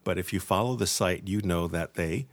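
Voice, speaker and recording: Theatrical, low-voiced male podcast host. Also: moderate pace, dry recording. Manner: playful, theatrical. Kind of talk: casual podcast chat.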